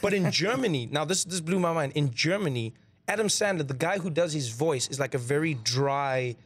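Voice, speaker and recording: A man from Africa, a comedian guest telling animated stories in a casual interview. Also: a little high, normal speed, breathy edge. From South Africa. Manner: animated storyteller who acts out funny voices.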